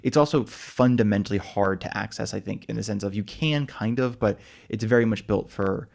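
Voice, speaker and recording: A man's voice: fairly low pitch, fairly quick, vocal fry, darkish tone. An American man co-hosting a casual travel podcast, rambling with lots of fillers and restarts. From United States. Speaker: podcast co-host.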